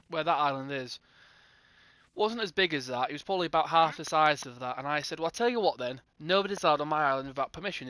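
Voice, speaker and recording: A young man with a bright, somewhat high voice tells a rambling storytime about a gaming server. He slips in and out of quoted dialogue, playing himself and the other players as he goes. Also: smooth, dry recording. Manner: rambling, acts out both sides of conversations in quotes. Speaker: gaming channel host. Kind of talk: casual storytime narration.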